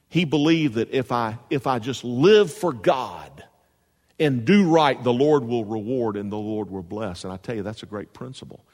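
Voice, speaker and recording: Guy preaching in a church, big echoey hall, gets loud and punchy, asks the crowd questions. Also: mid-range voice. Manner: rising to emphatic bursts, asking the congregation questions. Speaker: pastor. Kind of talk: sermon. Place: church sanctuary.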